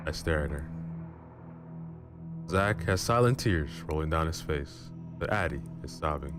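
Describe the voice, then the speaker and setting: A man hosting a channel who narrates a first-person horror story in a dramatic, measured way. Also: extremely low pitch, lively intonation. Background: music.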